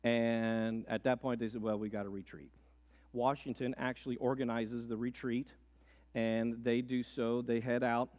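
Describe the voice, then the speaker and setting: A man teaching a history lesson as a lively story, swinging between hushed and excited delivery. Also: medium pitch, unhurried, dull audio. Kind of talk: animated history lesson with acted quotes. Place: church hall. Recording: long hall reverb.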